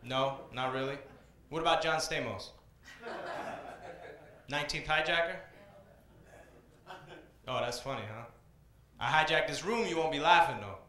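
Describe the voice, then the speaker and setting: A man from Iran performing stand-up comedy on a small club stage, with an energetic, punchy delivery. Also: on the high side, a little slow, pauses often. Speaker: comedian and open mic host. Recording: echoey club room.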